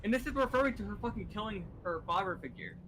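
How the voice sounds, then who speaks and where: A man's voice: high-pitched, animated, quick pace, background noise. A man streaming a game, ranting in casual chat with heavy swearing and many restarts. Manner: ranting, profane, lots of fillers and restarts. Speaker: gaming streamer.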